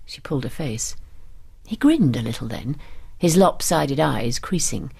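Soft-spoken woman narrator for sleep audiobooks, low creaky voice. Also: lively intonation, normal speed. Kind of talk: calm audiobook reading for sleep.

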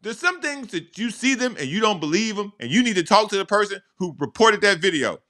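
A man co-hosting a sports talk show, delivering a loud, preachy comic rant. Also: high voice, sing-song, brisk. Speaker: co-host. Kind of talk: sports radio banter.

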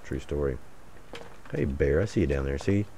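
A man's voice: very deep voice, animated, normal speed, gravelly, warm tone, slight background noise. A man giving casual, jokey commentary while playing a survival game, rambling and muttering asides to his viewers. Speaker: gaming channel host. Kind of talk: casual solo gameplay commentary.

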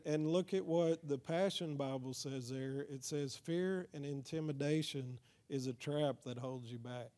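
With a dark tone on a voice pitched on the high side, a man with a Texas accent teaches evangelism in a church hall. He talks conversationally, often checking with the crowd by asking "amen?".

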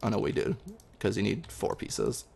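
A young man talking through his game as he plays, chatty and excitable, with lots of ums. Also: fairly low pitch, moderate pace, creaky, breathy edge. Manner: excitable, chatty, many fillers. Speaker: gaming video host. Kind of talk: live gameplay commentary.

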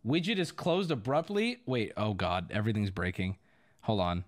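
A man's voice: fairly low pitch, animated, moderate pace. A young man streaming live, flustered and swearing while he fixes his audio, breaking into laughter.

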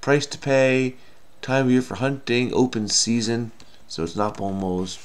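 A man's voice: mid-range voice, level tone, measured pace, smooth. A middle-aged man solving a crossword aloud in a casual, self-muttering way, with many fillers and trailing off. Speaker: crossword solving video host.

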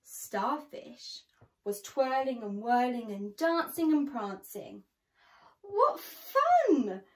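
A woman reading a picture book aloud to children, slow and expressive with a sing-song lilt. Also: on the high side. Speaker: children's storyteller.

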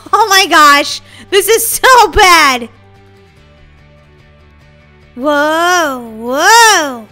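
Very high, bright bubbly woman gamer. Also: extremely slow, long pauses, faint music behind. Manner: bubbly, excitable, giggly. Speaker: gaming channel host. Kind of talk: playing a video game and commenting.

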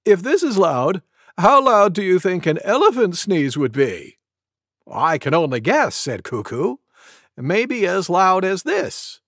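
Gentle goose storyteller for a kids cartoon, swoops way up and down, slow and dry. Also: male voice, high voice, no room sound, exaggerated voice. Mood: storytelling. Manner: lively, voices each animal with big sneezes. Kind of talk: animated storybook narration.

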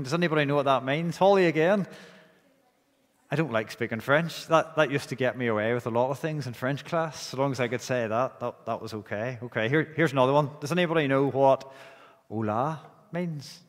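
A Northern Irish man leads a church service, praying and then speaking to the children, and he often repeats a phrase's first words before going on. His voice sits at an ordinary middle pitch. A long reverb trails after him through the church. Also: brisk. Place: church sanctuary.

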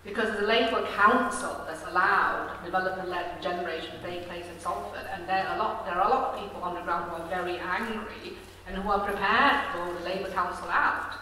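A woman in the audience asks a pointed question and pauses on fillers. Her voice sits fairly low but has a bright edge. She is heard from a distance in an echoing hall. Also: steady tone, slight background noise. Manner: hesitant, then pointed. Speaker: audience member asking a question. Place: large echoey hall. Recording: echoey hall, speaker far from mic.

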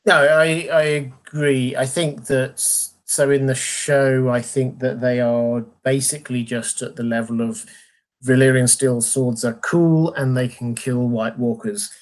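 A man in a casual livestream chat, speaking in a measured, dry, slightly formal way. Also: medium pitch, fairly even intonation. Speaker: co-host of a fan discussion livestream.

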